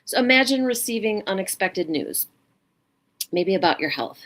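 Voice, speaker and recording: In a mid-range voice with lively intonation, the female host of a mindfulness show gives a calm, unhurried self-help talk, guiding a practice through brief reflective phrases.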